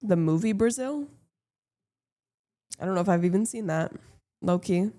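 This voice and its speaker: A woman's voice: medium pitch, lively intonation, moderate pace, dark tone. Woman, streamer, casual chat, blunt, playful, swears often.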